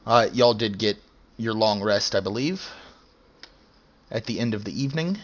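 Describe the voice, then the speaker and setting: A young man running a tabletop game as game master, narrating slowly with many pauses and fillers. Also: on the low side, animated, muffled recording. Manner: slow, hesitant, many fillers.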